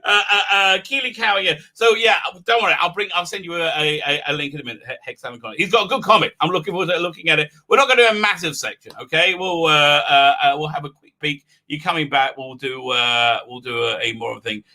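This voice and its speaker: A man hosts a live stream, reading out viewer comments and fiddling with his mic while rambling with lots of fillers and restarts. His voice is fairly high, quick, bright and pushed, with few pauses. The desk mic's level is unsteady.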